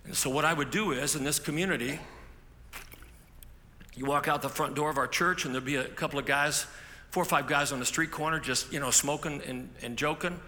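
Preaching in an echoey hall with faint ambience, a male pastor tells stories in a chatty way, frequently starting over. His voice runs on the high side, brisk, bright and forceful.

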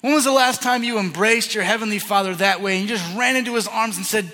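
A man in his thirties preaching a sermon, earnest and animated, swinging from loud to hushed. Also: high voice, fast talker, hardly any pauses. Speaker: pastor. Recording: echoing hall reverb.

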